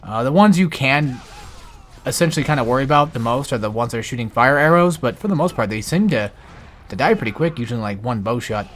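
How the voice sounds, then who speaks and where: A man's voice: medium pitch, expressive, a little fast, a bit bright. Out-of-breath man narrating gameplay. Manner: rambling, many fillers and restarts. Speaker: game guide commentator. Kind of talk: casual gameplay commentary.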